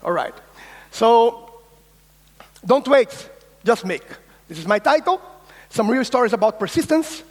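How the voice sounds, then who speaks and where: High-voiced man keynoting in a reverberant hall. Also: measured pace, long pauses. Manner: energetic, insistent, swears, acts out quoted voices. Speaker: keynote speaker. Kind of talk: conference keynote talk. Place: large conference hall.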